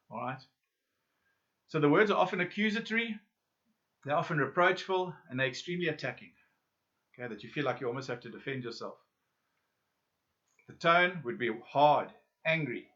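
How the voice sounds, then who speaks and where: A man leads a self-help lesson and keeps turning to his listeners with questions and pauses. His voice sits at a middle pitch. The recording is muffled and lo-fi. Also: a bit bright. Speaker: workshop facilitator. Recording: dull lo-fi audio.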